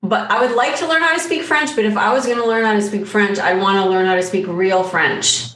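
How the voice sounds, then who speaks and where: A woman, a life coach, chatting as a guest in a relaxed way, full of fillers and quick laughs. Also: mid-range voice. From Canada. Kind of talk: casual conversation. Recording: roomy echo, distant from mic.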